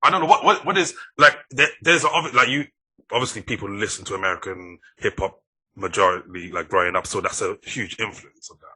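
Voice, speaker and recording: A man's voice: fairly low pitch, fairly quick, sharp tone, slightly rough. A man from the UK talking casually as a podcast host, chatty and anecdotal, with plenty of "like". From United Kingdom. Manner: chatty and anecdotal, leans on the filler "like". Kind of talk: casual conversation.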